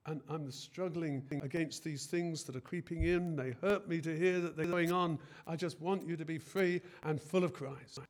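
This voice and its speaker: A man's voice: fairly high pitch, steady tone, moderate pace, hardly any pauses. A man preaching a sermon in an earnest way, often hesitating and rising in force on key phrases.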